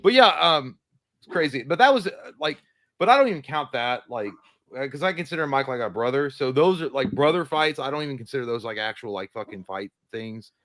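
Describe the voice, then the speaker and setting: A man's voice: medium pitch, a little fast, dry recording. Casual swearing man telling stories. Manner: animated, acts out voices in his stories, swears freely. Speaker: podcast co-host. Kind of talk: casual storytelling chat.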